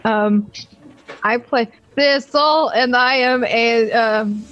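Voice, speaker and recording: A woman's voice: fairly high pitch, takes it slowly, a bit bright, dull audio. A woman player in casual, goofy banter at a tabletop game, blunt and joking.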